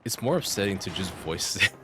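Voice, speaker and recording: A man's voice: fairly low pitch, sing-song, moderate pace, a bit bright, slight background noise. A man commenting casually while streaming a game, chatty and reacting to chat. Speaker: gaming streamer.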